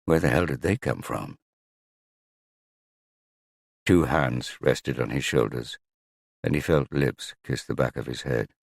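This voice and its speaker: A man reading a novel aloud in a measured, even manner. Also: a bass voice, gravelly, no room sound, clean studio sound. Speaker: audiobook narrator. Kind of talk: scripted narration.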